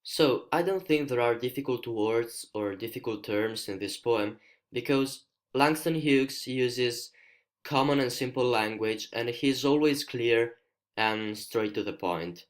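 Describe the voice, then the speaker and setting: A male student from Italy, a native Italian speaker with an Italian accent and a mid-range voice, explains a poem in a screencast lesson. He's careful and hesitant, pausing to search for words.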